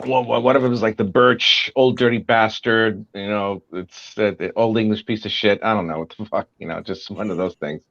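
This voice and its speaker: An American man with a fairly low voice chats casually on a live stream, rambling, swearing and joking. The stream audio is dull and lo-fi. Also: fairly even intonation, moderate pace, hardly any pauses, fairly bright tone. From United States. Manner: profane, rambling, jokey. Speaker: co-host and comic artist.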